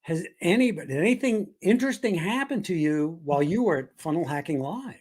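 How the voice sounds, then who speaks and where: Male co-host, playful teaser, voice swinging up and down a lot, a bit high. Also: expressive, fairly quick, darkish tone, slightly rough. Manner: teasing, playful ribbing. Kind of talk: casual chat.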